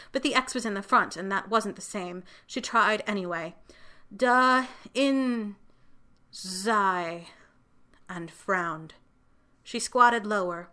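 Woman reading a gentle storybook tale. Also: mid-range voice. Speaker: story narrator. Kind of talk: scripted fiction reading.

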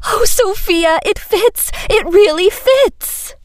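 A woman doing a pushy middle-aged mother who shoots way up into a shrill squeal, all fawning and gushing. The storybook voice sounds close and dry, with none of the room in it. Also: animated, moderate pace, a little mellow, dry recording, close to an everyday voice.

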